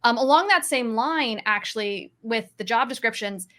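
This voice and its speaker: A woman sales coach on a panel, giving direct, practical advice in brisk lists. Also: a little high, animated, fairly bright tone. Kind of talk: panel discussion.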